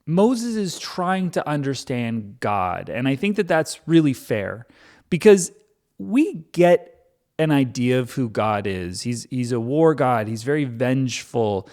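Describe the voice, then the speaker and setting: A man's voice: medium pitch, big pitch swings, unhurried, a little mellow. A man reading the Bible aloud and commenting on it casually with a sarcastic, irreverent manner. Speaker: Bible reading channel host.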